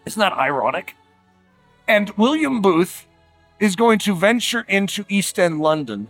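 A man preaching a sermon, emphatic and conversational, slowing down for dramatic words and dropping quiet at times. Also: high voice, soft background music. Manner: animated, emphatic, with dramatic slowdowns and quiet drops; conversational fillers like "like" and "uh".

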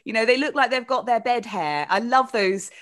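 A woman co-hosting a casual gardening chat over a video call, cheerful and quick to laugh. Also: a little high, animated, a bit bright. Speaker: co-host.

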